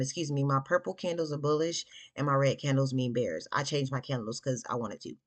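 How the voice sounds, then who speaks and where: A young woman casually walking viewers through a trading chart, chatty and slangy, with sudden bursts of excitement. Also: extremely low pitch, fairly quick, hardly any pauses. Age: young adult. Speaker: forex trader teaching backtesting. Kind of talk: casual screen-share trading lesson.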